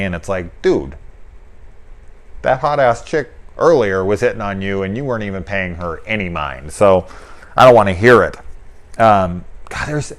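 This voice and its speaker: Animated swearing man reviewing a film. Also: fairly low pitch, moderate pace. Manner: animated, swearing, acts out quotes in put-on voices. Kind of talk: casual spoken movie review.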